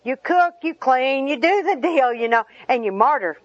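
A woman's voice: high voice, a little slow, no room sound. A woman giving a personal testimony talk to a group, folksy and wry with self-deprecating humor. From Arkansas. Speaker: speaker sharing her story with a group. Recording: dull lo-fi recording.

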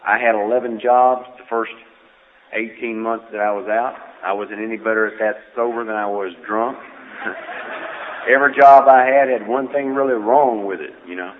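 A man's voice: fairly low pitch, fairly even intonation, normal speed. A man giving a personal testimony at a recovery meeting, telling his story in a folksy, humorous way. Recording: tinny phone-like audio with faint noise.

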